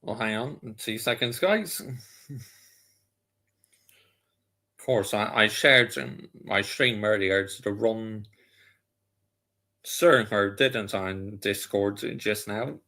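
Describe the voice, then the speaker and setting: Man, slow gravelly delivery, bright tone, casual watch-along streamer answering chat. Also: fairly low pitch. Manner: chatty, reads out viewer comments and answers them. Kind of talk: casual live football chat.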